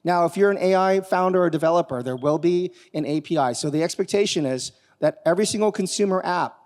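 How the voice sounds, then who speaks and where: A man giving a live conference talk, animated and quizzing the audience as he demos technology. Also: high voice, fast. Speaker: conference speaker. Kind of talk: live keynote talk with demo. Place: conference hall on stage. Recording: long reverb of a large hall.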